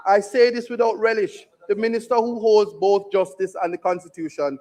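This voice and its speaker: Man, Jamaican accent, high voice, opposition MP, parliamentary speech, forceful, rhetorical. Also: steady tone, normal speed. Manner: forceful, rhetorical, repeats lines for emphasis. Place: parliament chamber.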